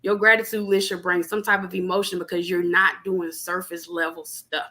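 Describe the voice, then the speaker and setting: A young adult woman in casual spiritual chat on a podcast, animated and preachy, talking plainly with lots of fillers. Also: lowish voice, moderate pace. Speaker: podcast guest.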